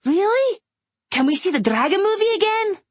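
A woman voicing an excitable, loud little girl who shouts her greetings and whines when told no. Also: extremely high pitch, moderate pace, no room sound, voice pushed up. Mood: excited. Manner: shouty, whiny when refused.

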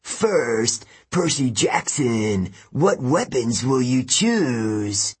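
A man voicing a huge, brutal giant who rules an arena, speaking slowly in a booming voice with a husky, raised tone. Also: sing-song, heavily acted. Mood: gloating. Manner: slow booming shouts. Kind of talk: audiobook narration.

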